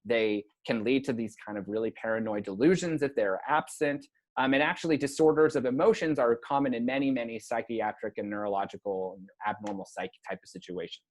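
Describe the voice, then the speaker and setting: A man delivers a relaxed university lecture at a mid-range pitch. He talks conversationally and drops into short acted-out lines when he voices a patient. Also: fairly quick.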